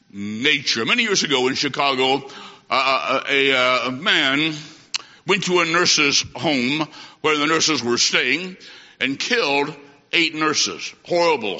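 A man's voice: medium pitch, bright, forceful tone. A middle-aged man preaching an evangelistic sermon in a folksy way, calling the listener "my friend" and using homespun stories. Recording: dull lo-fi recording with long hall reverb.

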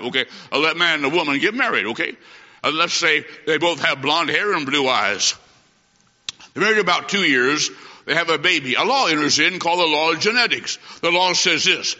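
A middle-aged man with a bright, fairly high voice preaches a revival-style evangelistic sermon, folksy and homespun, calling the listener "my friend" and using homespun illustrations. His voice rings through a large hall with long reverb, and the old recording is dull and lo-fi.

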